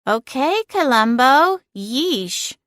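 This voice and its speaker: A woman's voice: sits high, big pitch swings, drawn-out words, fairly bright tone, dry recording, pitched above the performer's own voice, heavily acted. A woman voicing a sardonic female talking cat familiar with a dry, teasing, unbothered manner.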